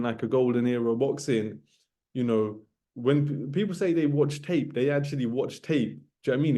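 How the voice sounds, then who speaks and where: With a warm, medium-pitched voice, a boxing vlogger in his late thirties delivers a casual, ranting monologue to camera. He says things more than once for emphasis and finishes phrases with "man" or "bro."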